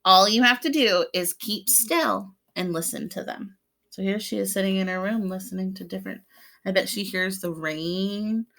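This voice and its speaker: A young woman with a clear, bright voice reads a picture book aloud to little children. She speaks like a gentle teacher, stopping to explain the pictures and ask questions. She playfully imitates the sounds from the story. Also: medium pitch, normal speed. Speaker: preschool teacher.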